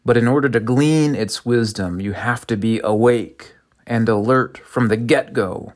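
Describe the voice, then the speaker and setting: A male preacher with a low, gravelly voice gives a reflective sermon. He reads scripture and a parable, then talks it through with questions to his listeners. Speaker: pastor.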